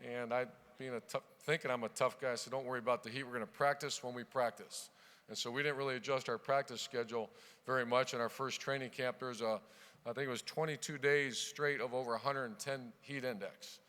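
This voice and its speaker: A middle-aged man from Ohio giving a keynote speech, telling punchy anecdotes from the podium with loud bursts when he starts a new chapter. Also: mid-range voice, fairly even intonation, a little fast. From Ohio, USA. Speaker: keynote speaker, football coach. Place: large banquet hall. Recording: long reverb of a large hall.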